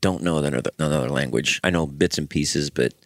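Deep-voiced man in his late forties. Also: a little fast, no room sound, studio quality. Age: late 40s. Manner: joking, playful, laughs often. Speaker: podcast host. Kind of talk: casual chat. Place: inside a van.

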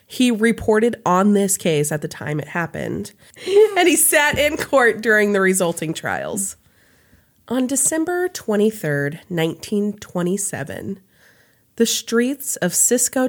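A woman hosts a podcast and reads a story aloud in a relaxed, chatty way. She stops now and then for a laugh or a quick aside about the details. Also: medium pitch. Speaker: podcast host. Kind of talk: casual storytelling chat.

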